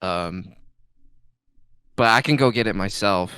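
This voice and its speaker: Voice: low voice, takes it slowly, fairly bright tone, clear, resonant tone, dry recording. A tabletop player talking goofily and playfully, laughing often. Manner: goofy, laughing, playful in-character talk. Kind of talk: tabletop role-play.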